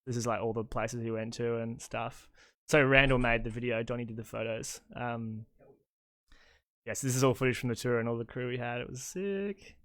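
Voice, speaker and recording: A laid-back Australian man in his thirties chats easily as a podcast guest. His voice is smooth and resonant. The recording is dry and close, with no room sound. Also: mid-range voice, moderate pace, fairly bright tone, no room sound. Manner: laid-back storyteller, many fillers. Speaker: guest DJ and agency owner. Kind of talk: casual podcast chat.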